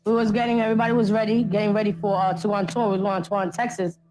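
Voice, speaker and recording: A woman's voice: mid-range voice, fairly even intonation, racing, low-quality recording. A woman, a documentary interviewee, recounting events in blunt, slangy street talk and acting out what others said. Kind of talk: casual recounting.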